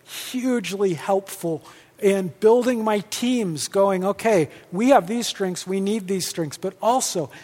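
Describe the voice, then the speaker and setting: A male pastor teaching on leadership in a lively, joking way, acting out quoted dialogue. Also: high-pitched, takes it slowly. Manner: animated, jokey, acts out quoted dialogue. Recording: long hall reverb.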